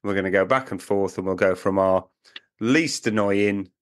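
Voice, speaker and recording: Chatty British man, lowish voice. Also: moderate pace. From Britain. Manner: chatty, joking, puts on silly accents. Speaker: podcast co-host. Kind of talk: casual chat.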